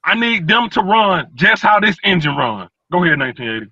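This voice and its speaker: A man's voice: sits high, very animated, brisk, sharp tone, no room sound. A man on a sports talk panel, speaking from his truck, blunt and profane with stumbling repeats. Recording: dull lo-fi call audio.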